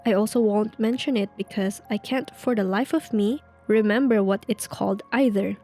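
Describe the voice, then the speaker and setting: A woman reading a creepy story aloud in a slow, hushed way, with casual asides of her own. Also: mid-range voice. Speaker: narrator reading online stories. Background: faint music.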